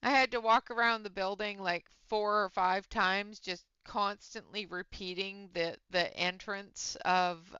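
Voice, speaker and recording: A woman's voice: mid-range voice, fairly even intonation, measured pace, few pauses, sharp tone, clear, resonant tone, no echo, highs cut off. A woman hosting a live colouring stream from home, chatting in an easygoing, storytelling way. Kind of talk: casual chat while colouring.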